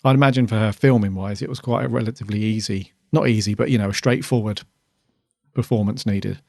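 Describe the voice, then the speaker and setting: A man's voice: on the low side, fairly even intonation, quick pace, creaky, a little mellow, no room sound, clean studio sound. A man co-hosting a podcast, chatting casually and rambling with lots of ums while reviewing an episode. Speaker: podcast co-host.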